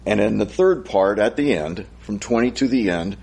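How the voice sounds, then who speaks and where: A man teaching a Bible study, reading scripture slowly and solemnly, then thinking aloud and asking rhetorical questions. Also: fairly low pitch, expressive, vocal fry, darkish tone, husky.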